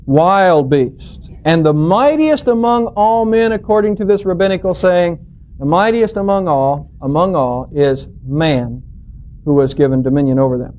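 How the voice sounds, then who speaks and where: A man's voice: on the high side, a little slow. A man preaching a sermon as a pastor, teaching through scripture in an earnest, storytelling, emphatic way. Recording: dull lo-fi recording.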